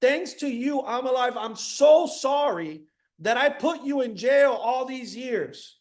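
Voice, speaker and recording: A man voicing a hot-tempered king in a told fable, shouting his outbursts. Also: very high-pitched, lively intonation, slow pace, exaggerated voice. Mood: remorseful.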